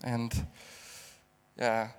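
A middle-aged man from the Netherlands gives an emotional sermon. He speaks slowly and haltingly, repeating words as he searches for them, at an ordinary middle pitch. His voice rings out with the long reverb of a church hall. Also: monotone, smooth. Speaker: guest preacher.

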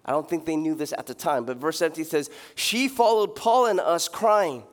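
A young adult pastor delivers a sermon in a notably high voice, telling stories with animated energy and joking asides that he laughs at himself. At times he imitates a shouting street preacher with big jumps in pitch, keeping a moderate pace with few pauses.

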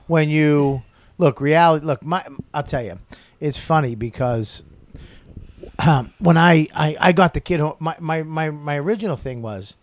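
A man's voice: a little high, normal speed, no echo. A man, a comedian telling a profane story in casual chat. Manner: profane, animated, loud storyteller. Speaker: guest comedian.

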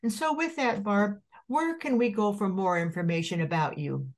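A woman's voice: mid-range voice, moderate pace. An older woman hosting a podcast over a video call, gushing and preachy in an enthusiastic interview chat. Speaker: podcast host.

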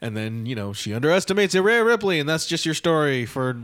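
A man's voice: a little high, sing-song, fairly quick, a bit bright, no room sound, studio quality. A man co-hosting a casual wrestling podcast, speaking hesitantly with lots of fillers. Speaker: podcast co-host.

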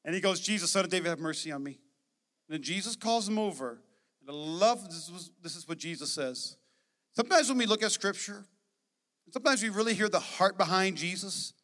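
Fairly quick and lively in intonation, this pastor delivers an emphatic sermon in a high, bright, powerful voice, peppered with jokes aimed at his congregation. A long reverb echoes through the sanctuary around him.

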